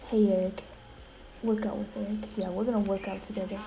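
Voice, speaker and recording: Woman, gameplay commentary, melodramatic and gushing, hushed asides, mellow voice, faint hiss behind. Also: mid-range voice, level tone, fast talker, gravelly, low-quality recording. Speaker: gaming YouTuber.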